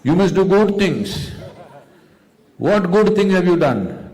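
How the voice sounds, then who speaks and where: A man's voice: sits high, lively intonation, takes it slowly, a little mellow, pitched above the performer's own voice. A man voicing a stern father who lectures his sons in a bossy, scolding way. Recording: long reverb of a large hall.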